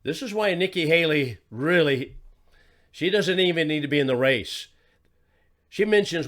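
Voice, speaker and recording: A man's voice: fairly high pitch, very animated, normal speed, fairly bright tone. A man hosting a political commentary show, talking in an emphatic way, asking rhetorical questions and repeating his points. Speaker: host.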